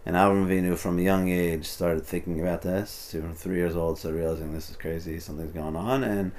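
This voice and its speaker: With a low, steady, slightly mellow voice at a fairly quick pace, this man translates and explains passages in an informal Torah study. He thinks out loud, restarts frequently and scatters "you know" throughout.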